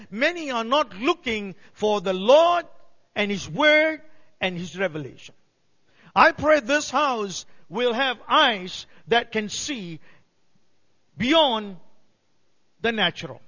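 A man's voice: extremely high pitch, a bit bright. A male pastor preaching a sermon, building to emphatic cries. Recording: dull sound in a reverberant hall.

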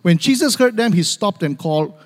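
Speaking with lively intonation and a slightly fast pace, a high-pitched male pastor delivers a sermon to his congregation in the church sanctuary. He calls out for amens and repeats key phrases to drive them home, while a long reverb fills the hall.

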